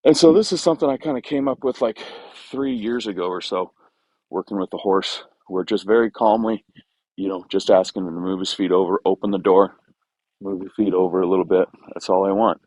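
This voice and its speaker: A young man speaks in a fairly low voice while training a horse in a round pen outdoors. He explains his method in a relaxed, rambling way, full of fillers and restarts. The sound is dry, with little room echo. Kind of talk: casual explanation while working.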